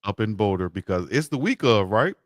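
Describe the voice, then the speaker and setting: A man banters playfully on a casual sports talk show. His voice is low but swings widely in pitch. The sound is dry and close. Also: lively intonation, brisk, no echo. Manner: playful, laughs often. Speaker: co-host.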